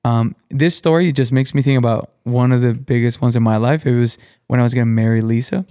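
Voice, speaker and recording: A young adult man, a pastor, sharing a story in casual conversation in a steady, reflective way. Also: mid-range voice, a little fast, smooth, no room sound, clean studio sound.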